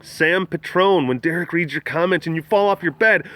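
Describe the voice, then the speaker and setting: Outdoors at an animal facility, a man who works as an animal care keeper chats on a livestream, reading viewer comments. His tone is sharp, his pace moderate, and the audio carries no echo. He keeps rambling and restarting, and his voice goes high when he coos at the cats.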